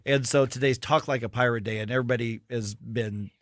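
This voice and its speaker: A man's voice: medium pitch, fairly even intonation, brisk, no room sound, clean studio sound. A man with a St. Louis accent hosting a morning radio talk show, chatting casually with fillers and laughs. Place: radio studio.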